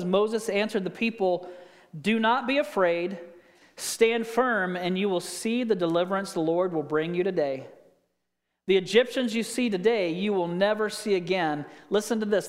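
A man's voice: high-pitched, in a large hall. A man pastor preaching a sermon in a conversational way, reading scripture and telling stories.

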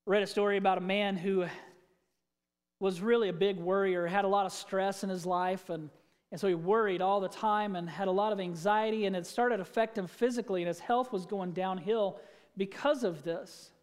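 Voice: medium pitch, steady tone, normal speed, clean tone. Conversational preacher in a reverberant hall. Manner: conversational, asks the congregation questions. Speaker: pastor. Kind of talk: sermon.

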